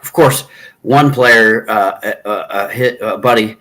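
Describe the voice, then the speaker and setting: A middle-aged man chatting casually with viewers from a hotel room, rambling and halting, often clearing his throat. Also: lowish voice, bright, forceful tone, low-quality recording. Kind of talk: casual chat.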